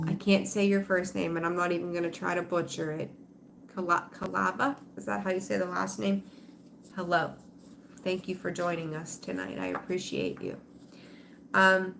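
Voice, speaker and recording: With a gravelly, slightly bright voice on the low side, a middle-aged woman runs a tarot livestream and chats casually with viewers. She rambles emotionally, full of fillers and restarts, over a little hiss or hum.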